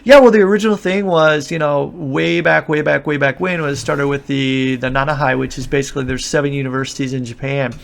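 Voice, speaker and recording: A man's voice: fairly high pitch, steady tone, brisk, gravelly, few pauses. A man talking casually in a podcast interview, explaining things at length with frequent fillers and restarts. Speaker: guest, martial arts instructor. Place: Japan.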